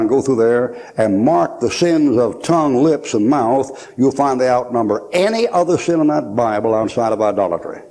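Folksy, lively older man preaching. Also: mid-range voice. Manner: folksy, joking storyteller, laughs often. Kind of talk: sermon at a conference.

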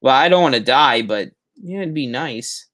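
A man's voice: medium pitch, animated, moderate pace, a bit bright. A man hosting a casual live stream, rambling and chatty, with self-mocking asides as he fumbles through his setup. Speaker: host of a Halloween prop channel live stream.

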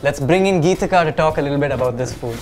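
A man's voice: a little high, fast, darkish tone, soft background music. A man from India hosting a food show, enthusiastic in casual chat and reacting with frequent murmurs. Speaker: host.

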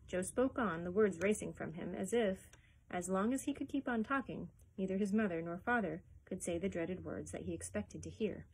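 A woman librarian reading a children's chapter book aloud in a steady, expressive storytelling voice. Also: mid-range voice, moderate pace, breathy edge, poor audio.

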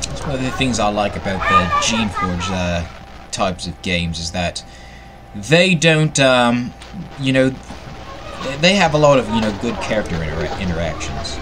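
A man's voice: on the low side, very animated, moderate pace, loud music behind the voice. A man casually commenting while playing a game, muttering and thinking aloud. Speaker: game streamer. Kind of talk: casual let's-play commentary.

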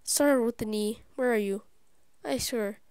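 A woman hosting her gaming channel, giving live gameplay commentary; excitable and easily frustrated, she often drops into whispered asides. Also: on the high side, a little slow, clean tone, no echo. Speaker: YouTube gaming channel host.

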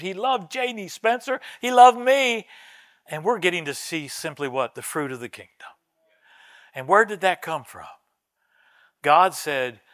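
A male pastor preaching a sermon in a conversational, storytelling way, often restarting his words and growing loud and high when he quotes others. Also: no room sound, clean studio sound. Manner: animated, rises high and loud when voicing an old woman's quoted words; casual, conversational delivery with frequent restarts.

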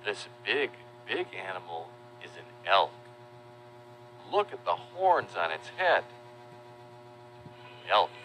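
Male narrator for a kids' learning video, deep-ish and bright, slow and lively. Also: a little hiss or hum, low-quality recording. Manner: playful, slow and animated, spells out words for kids. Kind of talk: children's educational narration.

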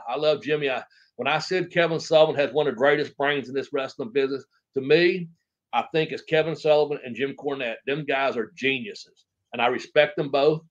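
A middle-aged man spins loose, rambling anecdotes, swearing casually and slipping into quoted voices as he goes. His voice sits a little high for a man, and the podcast audio comes through muffled and lo-fi. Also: fairly bright tone. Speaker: interview guest, former wrestler. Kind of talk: casual storytelling interview.

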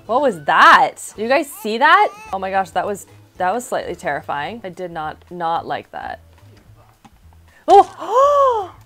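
Woman in her thirties, gaming YouTuber: chatty let's-play commentary, quick reactions and laughs, faint music underneath. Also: on the low side, sing-song, sharp tone.

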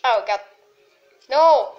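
A woman commenting on a game she is playing, excitable and full of yelps and exclamations. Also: high voice, very slow, muffled recording, soft background music. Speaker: gamer. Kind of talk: let's play commentary.

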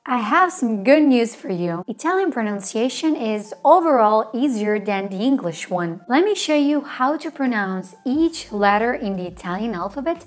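A woman teaching a language lesson in scripted narration, slowly spelling out letters and words with care. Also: fairly high pitch. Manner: slow, careful spelling out of letters.

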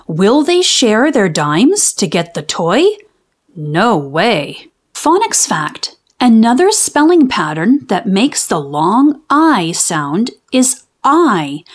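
A woman reading a children's book aloud and explaining phonics in a clear, teacherly way. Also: medium pitch. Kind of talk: read-aloud storytime with phonics lessons.

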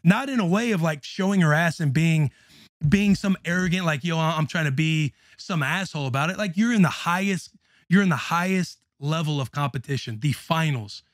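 Young male podcast host, profane and animated, slightly high voice, dry close mic. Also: normal speed, no echo. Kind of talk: casual chat.

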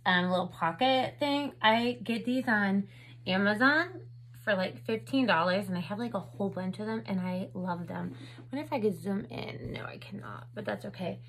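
A woman's voice: mid-range voice, lively intonation, moderate pace, a bit bright, low-quality recording. A woman in her thirties chatting casually at home while unboxing makeup for her vlog, full of "like" and "um". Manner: chatty, filler-heavy with lots of "like" and "um". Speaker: beauty vlogger. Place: home, indoors. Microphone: camera on a stand with ring light.

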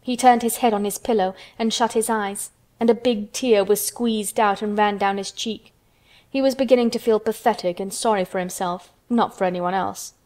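Woman reading a storybook aloud. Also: medium pitch. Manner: steady, measured narration.

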